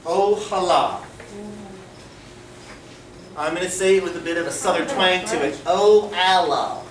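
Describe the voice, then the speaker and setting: A man's voice: sits high, normal speed, a crowd in the background. A man teaching a class, asking questions and mixing Spanish phrases into his talk, recorded by a camera across the classroom. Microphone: camera across the room. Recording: echoey classroom from far off with faint noise.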